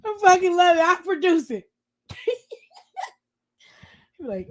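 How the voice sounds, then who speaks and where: A woman's voice: very high voice, big pitch swings, slow, long pauses. A woman co-hosting a podcast in casual chat, telling stories animatedly, laughing often and swearing freely. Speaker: podcast co-host.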